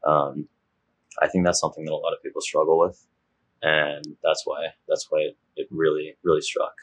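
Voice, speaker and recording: A man's voice: rumbling low, flat delivery, moderate pace, slight background noise. A young man co-hosting a podcast, chatting casually and enthusiastically, laughing and rambling with fillers. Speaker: podcast co-host. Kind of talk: casual chat.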